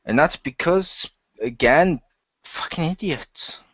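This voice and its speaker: A man's voice: a little high, lively intonation, slow pace, a bit bright, breathy edge, no echo. A man chatting on a podcast panel in a dry, sarcastic manner. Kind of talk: casual podcast chat. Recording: dull lo-fi dry sound.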